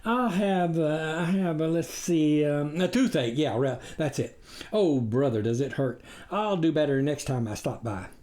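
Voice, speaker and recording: A man's voice: fairly high pitch, lively intonation, measured pace, darkish tone. A man voicing a hairy male wolf who poses as a duck, overly polite and fumbling for excuses. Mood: fawning.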